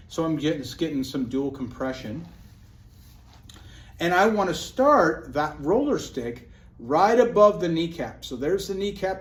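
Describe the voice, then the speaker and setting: Man casually demonstrating a massage tool. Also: a little high. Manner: relaxed, talks through each step as he works, calls the viewer buddy. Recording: echoey room with faint ambient noise.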